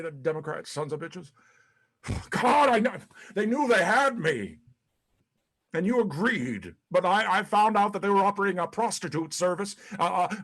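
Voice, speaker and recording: A man playing a disgraced, paranoid ex-president in a one-man stage monologue, profane and rambling, stammering between bluster and self-pity. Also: high-pitched. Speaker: actor in a one-man play. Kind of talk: live-streamed stage monologue.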